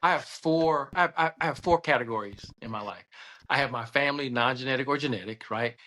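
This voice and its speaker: A man with a Southern American accent, a guest telling stories in casual conversation, animated and laughing often as he acts out voices. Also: mid-range voice, brisk. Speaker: podcast guest, surgeon and state senator.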